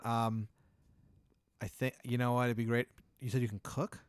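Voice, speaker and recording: Laid-back man, amused and halting. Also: medium pitch, level tone, clear, resonant tone, no room sound. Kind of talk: casual comedic chat.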